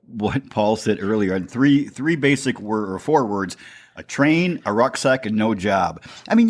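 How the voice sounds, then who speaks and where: A man hosting a podcast, speaking earnestly and encouragingly straight to his listeners. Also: fairly low pitch. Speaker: podcast host. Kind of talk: motivational commentary to the audience.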